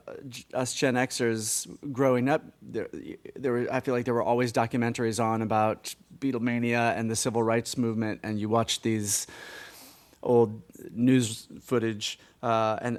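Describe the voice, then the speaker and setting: A man's voice: mid-range voice, measured pace. A man in his forties co-hosting a podcast, chatting casually in a rambling, self-deprecating way with many restarts. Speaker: podcast co-host. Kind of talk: casual chat.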